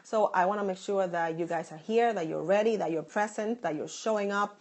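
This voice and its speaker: A woman in her late thirties, from the Dominican Republic but with a Boston accent, hosts a live stream from her phone despite a sore throat. A stylist, she reads viewer comments and thanks people in an upbeat, effusive way. Her medium-pitched voice is slightly mellow and a little fast.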